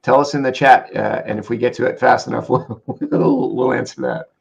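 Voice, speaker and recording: A man co-hosting a casual livestream chat, reading out viewer comments with quick asides. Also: mid-range voice, fairly even intonation, gravelly, muffled recording, a little hiss or hum. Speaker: co-host reading viewer questions.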